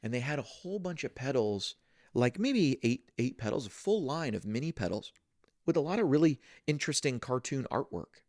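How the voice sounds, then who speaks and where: A man's voice: mid-range voice, very animated, normal speed, darkish tone, no echo, studio quality. A man co-hosting a casual chat, telling rambling stories full of fillers. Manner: rambling storyteller, many fillers. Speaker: co-host.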